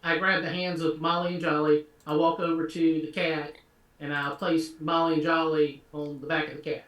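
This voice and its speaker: A man's voice: a little high, flat delivery, normal speed, fairly bright tone, reverberant, far from the mic. A man playing a tabletop game, talking eagerly and tripping over his restarts. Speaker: player. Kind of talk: tabletop role-play chat.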